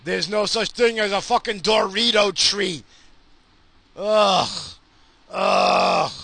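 A man's voice: sits high, slow, pushed and bright, no echo. A middle-aged man ranting crudely in a profane solo monologue, recorded in his car while he drives. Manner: crude, heated and sweary, with frequent restarts. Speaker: solo podcaster.

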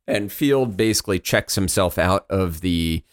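Low, lively-voiced man in a dry room. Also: measured pace, no echo. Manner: hesitant, filler-heavy, dry jokes. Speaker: podcast co-host. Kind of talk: casual book discussion.

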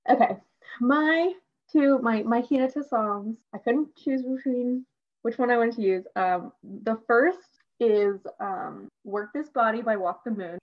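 A young woman co-hosting a podcast, chatting excitedly as a fan, laughing and filling her talk with "like". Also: on the high side, a little slow. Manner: excitable, laughing, heavy use of "like". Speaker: podcast co-host. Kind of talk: casual fan chat. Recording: dull lo-fi sound.

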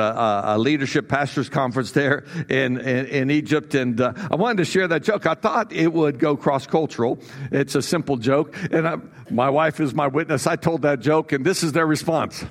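A middle-aged man preaching a sermon as pastor, folksy and jokey, with many fillers. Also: medium pitch.

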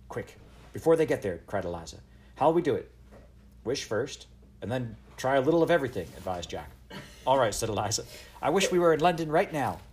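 A man with a low voice reads a children's story aloud. His delivery is animated, rising and falling widely as he moves between narration and the children's dialogue. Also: slight background noise. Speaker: audiobook narrator.

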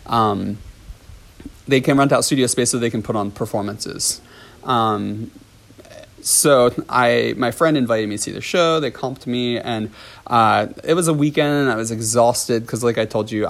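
A man's voice: medium pitch, vocal fry. A man who hosts a podcast and teaches ballet, telling a story in a loose, rambling way with many fillers and restarts and frequent chuckles. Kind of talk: casual storytelling.

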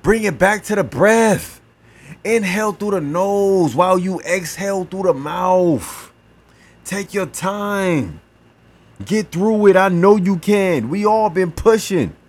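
A man hosting a podcast, giving a slow, encouraging motivational talk and leading a breathing exercise, repeating his words. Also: sits high. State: gasping for air at times. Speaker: podcast host.

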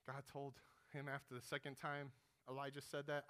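A man preaching a sermon, retelling a story with animated, dramatized prayers, rising to pleading and dropping to a hush. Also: medium pitch, a little fast.

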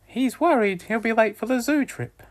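A man voicing a caring mum in a storybook reading, gentle and matter-of-fact. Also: very high-pitched, moderate pace, voice pushed up.

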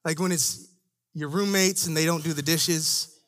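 The speaker is a young man on a church staff, preaching a lively, talk-like sermon at normal speed. He goes quiet for asides and louder for emphasis.

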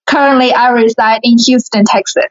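A young woman from China with a Chinese accent, talking earnestly and brightly as an interview guest. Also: a little high, steady tone, normal speed. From Shanghai, China. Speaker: guest, beauty pageant winner. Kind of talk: casual interview talk. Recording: lo-fi recording.

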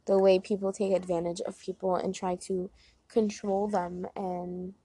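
A young woman talks straight to her viewers with a slightly husky, breathy voice. Her pitch sits in a middle range for a woman. The sound is dry and close. Her delivery is casual and earnest, with frequent filler words as she gives relationship advice. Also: level tone, measured pace, dark tone, no echo. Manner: chatty, earnest, many "like" fillers. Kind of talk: casual talk to camera.

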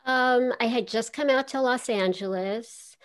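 A woman's voice: on the high side, a little slow. An older woman from Queens, New York, a voice actress telling stories as an interview guest in a chatty way, laughing easily. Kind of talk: casual interview, storytelling.

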